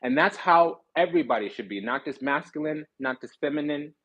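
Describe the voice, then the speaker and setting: A man's voice: a little high, expressive, fairly quick, fairly bright tone, dull audio. A man giving a casual tarot reading, talking bluntly in slang and with swearing, and often stopping to restart his sentences. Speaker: tarot reader.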